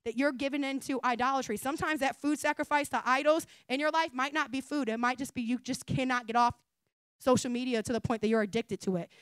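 A woman pastor preaching a sermon in a conversational style, rising to emphatic calls and then dropping to soft asides. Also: high-pitched, dry recording. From United States.

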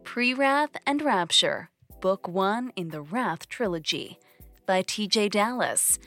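A woman podcast host reading book descriptions and show announcements in a crisp, announcing voice. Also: mid-range voice, expressive, takes it slowly, fairly bright tone, no room sound, soft background music.

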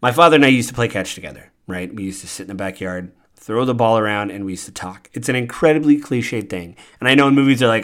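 A man's voice: medium pitch, fast, few pauses, fairly bright tone. A podcast host, a man, recapping a film in casual, earnest talk full of fillers and restarts.

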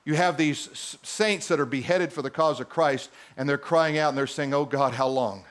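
A man's voice: fairly high pitch, normal speed, fairly bright tone. A man preaching a sermon, emphatic and repetitive, firing rhetorical questions at his listeners.

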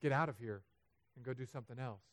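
A man preaching a sermon as pastor, animated and humorous, building to loud, emphatic peaks. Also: mid-range voice, fast talker. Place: church sanctuary.

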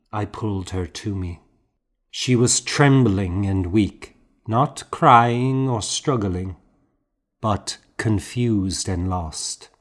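A man reading a novel aloud as an audiobook narrator, in a measured, gentle way. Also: lowish voice. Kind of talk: scripted narration.

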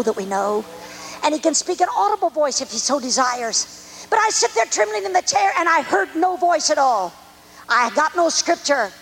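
An older woman preaching a sermon testimony, emphatic and repetitive, swinging between high and low. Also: fairly bright tone, a little hiss or hum, poor audio. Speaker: evangelist preacher.

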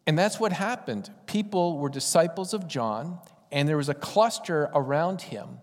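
A man's voice: on the high side, lively intonation, normal speed. A man preaching a sermon in a conversational, folksy storytelling way. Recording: long hall reverb.

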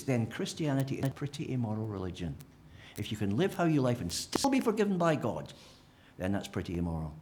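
A man preaching a Sunday sermon with a medium-pitched voice that rises and falls with great liveliness. He brings the message to life with humour, acting out what imagined people might say. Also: fairly quick, slight background noise. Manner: animated, acts out imagined speakers with humour.

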